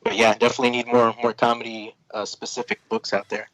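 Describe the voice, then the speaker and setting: A man's voice: mid-range voice, level tone, quick pace, fairly bright tone, poor audio. A man, a comic book creator, chatting casually as a podcast guest, rambling with lots of fillers and restarts.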